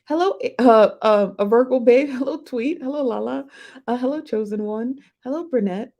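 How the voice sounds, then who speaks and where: A woman's voice: on the high side, normal speed, warm tone. A woman hosting a casual livestream, chatting with viewers, greeting them by name and laughing often, recorded on a phone. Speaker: livestream host.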